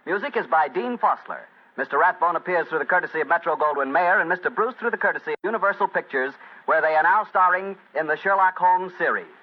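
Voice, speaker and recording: A man's voice: a little high, expressive, fast talker. A man announcing a 1940s radio show in a genial, chatty manner. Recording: dull old radio broadcast.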